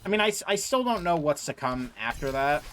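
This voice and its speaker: A man's voice: fairly high pitch, sing-song, fairly quick, fairly bright tone. A young man streaming a game, ranting in frustration and repeating himself as he plays. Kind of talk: gameplay commentary.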